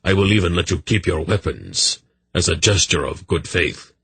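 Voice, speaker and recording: A man voicing a polite, calculating army captain who speaks with smooth courtesy. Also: deep voice, moderate pace, fairly bright tone, heavily acted. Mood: coaxing.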